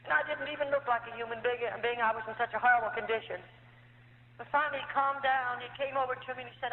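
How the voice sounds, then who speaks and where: A woman's voice: fairly high pitch, fairly even intonation, quick pace. A woman from the United States telling her life story as a dramatic, emotional testimony in a church hall. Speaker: testimony speaker. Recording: tinny old recording in an echoey hall.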